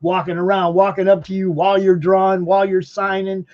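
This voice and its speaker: A man's voice: high-pitched, flat delivery, fairly quick, highs cut off. A man hosting a podcast from home in rambling casual chat, laughing often. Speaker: podcast host.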